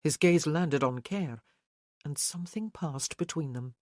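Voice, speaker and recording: An audiobook narrator reading historical romance in measured, even scripted narration. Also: mid-range voice, dry recording, clean studio sound.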